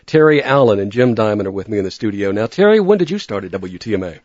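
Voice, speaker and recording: Brisk male radio host. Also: fairly low pitch, very animated, a little mellow, no room sound, muffled recording. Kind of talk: radio interview hosting. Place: radio studio.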